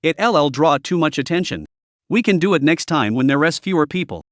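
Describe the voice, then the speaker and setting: A man doing an easygoing young man who gently teases his girlfriend in a comic story recap. His voice sits fairly high and moves a lot. The sound is close and dry. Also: animated, fairly quick, no echo, close to an everyday voice. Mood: teasing.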